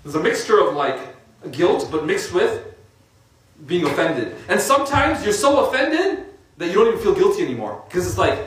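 A man preaching in a loose, chatty style, tossing in casual fillers as he talks. His voice sits a little high for a man. He is heard from some distance in a very echoey room. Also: big pitch swings, normal speed, fairly bright tone. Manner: conversational, uses casual fillers. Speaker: religious speaker. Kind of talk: informal sermon.

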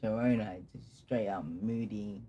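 A young man telling a personal story in casual conversation, candid and laughing through dark memories. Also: on the low side, fairly even intonation, moderate pace, slight background noise. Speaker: guest telling his story.

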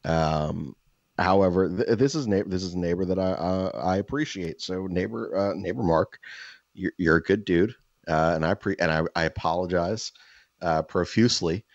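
A man's voice: deep voice, normal speed, dry recording, muffled recording. A man co-hosting a podcast, telling crude stories in casual chat and cursing freely. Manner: crude, joking storyteller who curses freely. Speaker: podcast co-host.

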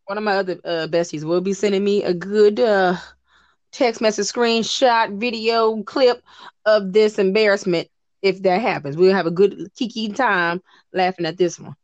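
A woman co-hosting a casual chat show, talking in animated bursts with frequent restarts. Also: mid-range voice, no room sound, lo-fi sound. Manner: animated, chatty, quick bursts with many restarts. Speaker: podcast co-host.

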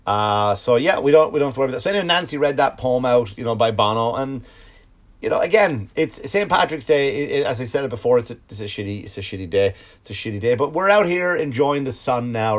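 Casting: Irish male podcast host, sarcastic and profane, mid-pitched voice, rambling comic delivery. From Ireland. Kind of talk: comedic monologue.

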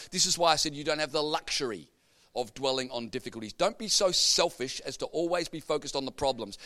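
A man preaching a sermon, an animated storyteller with comic punchlines. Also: high voice, no echo.

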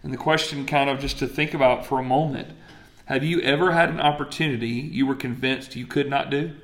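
A man's voice: medium pitch, steady tone, fairly quick, fairly bright tone. A man, preaching a sermon in a conversational way and asking the crowd questions. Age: 40s. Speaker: pastor.

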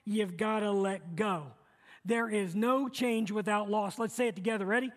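A man's voice: high-pitched, normal speed. A middle-aged male pastor preaching a sermon, earnest and repetitive, leading the congregation to repeat lines back to him. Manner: earnest, repeats phrases, leads the congregation in call-and-response. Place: church sanctuary. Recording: long reverb of a church hall.

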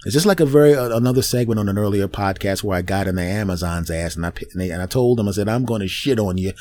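A middle-aged man hosting a solo podcast, ranting in an animated way and acting out voices as he goes. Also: on the low side, very fast. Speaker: podcast host.

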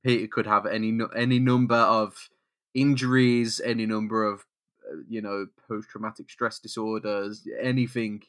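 A man's voice: fairly low pitch, little pitch movement, normal speed, a bit bright, dry recording, studio quality. A man co-hosting a podcast, making crude wisecracks and laughing a lot. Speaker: podcast co-host. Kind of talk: casual banter.

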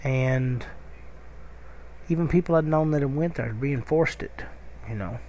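Speaking at a measured pace, a middle-aged man with a Kentucky accent hosts a casual podcast, rambling conversationally through a story with many fillers and restarts. His medium-pitched voice has a darkish tone, and there's slight background noise.

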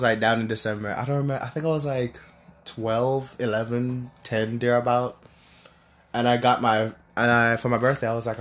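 A young man from Jamaica in casual, rambling storytelling, full of restarts and fillers. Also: medium pitch. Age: young adult.

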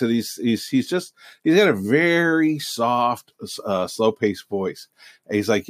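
A man's voice: medium pitch, animated, moderate pace, no echo, studio quality. A middle-aged man, a hypnotist, telling a long personal story in a casual, rambling way with many fillers and restarts. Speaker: hypnotist and podcast host.

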